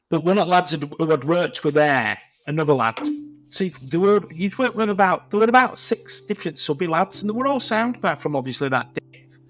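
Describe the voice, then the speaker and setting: A man's voice: on the high side, fairly bright tone. A middle-aged man from Leeds with a Yorkshire accent, a podcast guest telling rambling, blunt anecdotes full of swearing. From Leeds, England. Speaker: guest tiler. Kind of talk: casual podcast chat.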